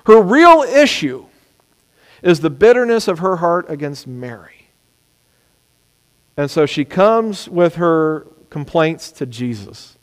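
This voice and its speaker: Guy preaching, kinda high voice, acts out the quotes, big echoey hall. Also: sing-song, slow, pauses often. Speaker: pastor. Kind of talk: sermon. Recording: long hall reverb.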